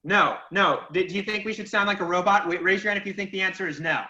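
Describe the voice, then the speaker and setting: A male public speaking teacher with a high, bright voice talks fast while giving feedback and a recap in an online class. He's encouraging and emphatic, asking the class questions, captured in lo-fi, echoey room audio.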